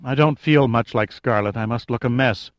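A man's voice: mid-range voice, moderate pace, no echo, muffled recording, close to an everyday voice. A man voicing a terrified, injured female flight attendant who sobs out her lines. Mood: weary. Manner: sobbing, frightened.

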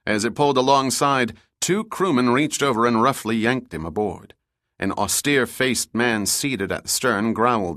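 A man narrating an audiobook thriller in a steady, measured storytelling manner. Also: mid-range voice, dry recording, studio quality. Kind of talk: scripted narration.

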